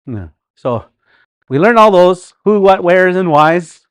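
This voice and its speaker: Slow-paced man teaching a language class. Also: high-pitched, expressive, smooth. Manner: slow, repetitive, with sounded-out words and rhetorical questions.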